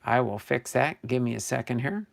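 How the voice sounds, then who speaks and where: A man's voice: medium pitch, expressive, brisk, creaky. An older man from New Jersey hosting a casual live stream about sports cards, chatting loosely and correcting himself as he goes. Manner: chatty, self-correcting, thinking aloud. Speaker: sports card channel host.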